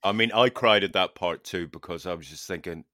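A man's voice: low-pitched, fairly quick, pushed and bright, dry recording, clean studio sound. A man from Ireland, hosting a podcast in casual, sweary, self-mocking chat. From Northern Ireland. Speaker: podcast host.

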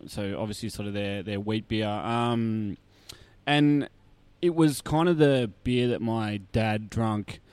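A man with an Australian accent, chatting as a podcast guest, lively with lots of fillers and laughs. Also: fairly low pitch, slow, clear, resonant tone, no room sound. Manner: chatty and animated, many fillers, laughs often. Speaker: guest, brewery tour operator. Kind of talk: casual podcast interview.

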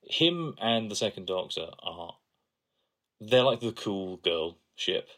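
A man's voice: fairly low pitch, big pitch swings, takes it slowly, fairly bright tone. A young man co-hosting a podcast, sharing analysis and trivia in casual chat. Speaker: podcast co-host.

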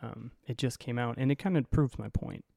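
A man's voice: mid-range voice, a little fast, creaky, a little mellow, no room sound, studio quality. A man hosting his own podcast, telling a story in a wry, rambling way with plenty of cursing and fillers. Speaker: podcast host. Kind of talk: casual storytelling monologue.

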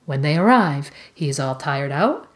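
Brief: low-pitched woman reading measured literary commentary. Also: sing-song. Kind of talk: reading prepared literary analysis.

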